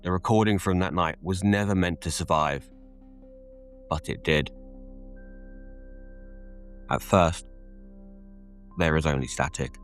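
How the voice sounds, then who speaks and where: A man narrating a scripted horror story in a slow, measured, ominous delivery. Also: low-pitched, steady tone, faint music behind.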